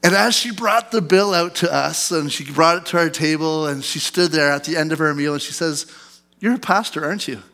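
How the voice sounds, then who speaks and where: A man's voice: a little high, a little fast, gravelly, few pauses, pushed and bright. A man in his thirties, a pastor preaching a sermon in a conversational storytelling way, often asking the congregation questions.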